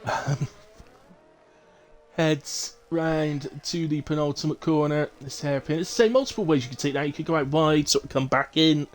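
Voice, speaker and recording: A man's voice: on the high side, moderate pace. A middle-aged man giving chatty live commentary on a sim race, with jokey asides.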